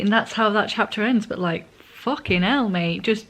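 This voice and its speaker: A woman talks through a manga story in a loose, rambling vlog chat. She corrects herself as she goes and eats while talking. Her pitch sits in the middle of the usual range. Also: moderate pace, fairly bright tone. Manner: rambling, chatty, self-correcting. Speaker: vlogger. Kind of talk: casual manga reading recap.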